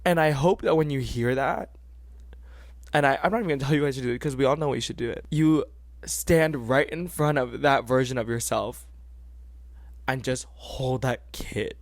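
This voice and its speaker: A young man hosting a podcast, giving earnest, animated advice in casual talk and repeating phrases for emphasis. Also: mid-range voice, normal speed, no echo. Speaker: podcast host.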